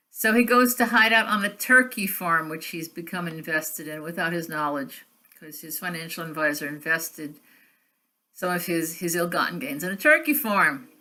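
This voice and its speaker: A woman's voice: medium pitch, pushed and bright. A woman casually reviewing old films in a rambling, wry monologue full of sarcastic asides and restarts. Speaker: film reviewer.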